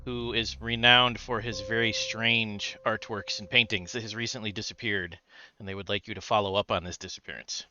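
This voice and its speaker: Low-voiced man narrating a horror game. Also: fairly even intonation, pushed and bright, slight background noise. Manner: halting narration with fillers. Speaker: game master. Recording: dull lo-fi recording. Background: background music.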